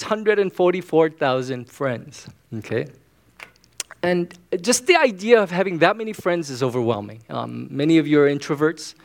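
A man's voice: a little high, creaky. A man preaching a sermon as pastor, casual and joking, with frequent "okay?" asides. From United States.

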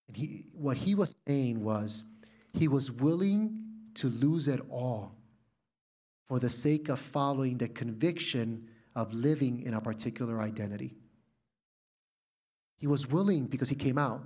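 A middle-aged man from Puerto Rico delivers a sermon built around a family story. His voice sits at an ordinary mid pitch, animated when telling stories and softening to near-hush in tender passages. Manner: animated storytelling, drops soft and quiet when emotional. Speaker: preacher.

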